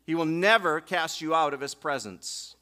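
A man pastor preaching a sermon, emphatic, swelling and slowing down on key phrases. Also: a little high, pushed and bright.

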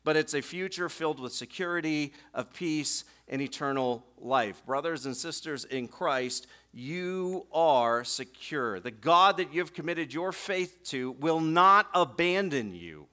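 Bright, high-voiced preaching man. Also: lively intonation. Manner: emphatic preaching, swelling and slowing on key phrases. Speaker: pastor. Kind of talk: sermon.

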